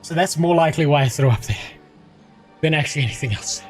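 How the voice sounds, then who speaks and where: A man's voice: medium pitch, huge pitch swings, moderate pace, long pauses, soft background music. A man livestreaming from a small room at home, chatting casually, rambling and swearing and mocking himself, a little queasy after being sick. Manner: profane, rambling and self-mocking.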